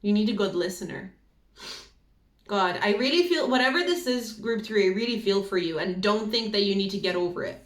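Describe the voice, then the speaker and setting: A woman's voice: medium pitch, expressive, brisk. Earnest emotional woman in an echoey room. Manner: earnest, emotional, rambling with fillers. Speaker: tarot reader. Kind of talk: intuitive reading to viewers.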